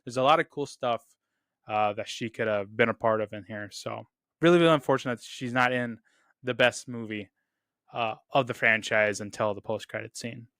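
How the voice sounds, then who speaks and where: Casual male reviewer, smooth clear tone, eager and chatty, dry recording. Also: mid-range voice, moderate pace, a bit bright, dry recording. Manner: enthusiastic, repeats "really, really"; quotes lines in a loose put-on delivery. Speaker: film review host. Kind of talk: casual movie review talk.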